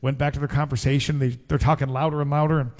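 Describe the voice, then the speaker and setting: A middle-aged man, a singer-songwriter, telling a relaxed, chatty story between songs at a live show. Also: medium pitch, fast, big-room sound. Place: live music venue. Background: guitar.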